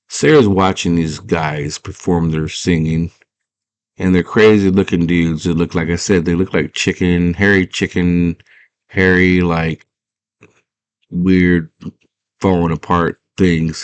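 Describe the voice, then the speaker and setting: A man's voice: low voice, slow, dry recording. A man casually retelling a movie plot, rambling and full of filler words. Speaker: storyteller.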